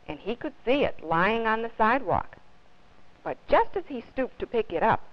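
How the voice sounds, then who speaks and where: A woman children's librarian reading a picture book aloud with expressive storytelling, on dull lo-fi 1950s TV audio. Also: medium pitch.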